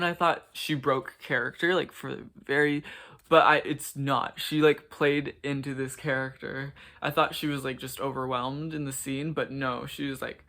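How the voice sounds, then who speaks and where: A man's voice: medium pitch, gravelly, sharp tone. A man giving casual, gushing reaction commentary to a show, swearing and saying "like" a lot. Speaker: reaction vlogger.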